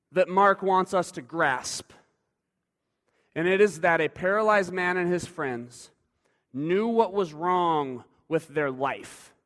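A male preacher giving a sermon in a conversational way, moving between loud emphasis and quiet asides. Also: high voice. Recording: long hall reverb.

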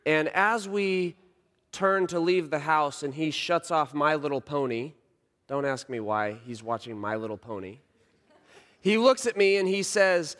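Slow-speaking preacher in a big echoing hall. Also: male voice, fairly high pitch, lively intonation. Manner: storytelling, dramatic swings from quiet to shouting. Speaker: pastor. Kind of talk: sermon. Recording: long reverb of a large hall.

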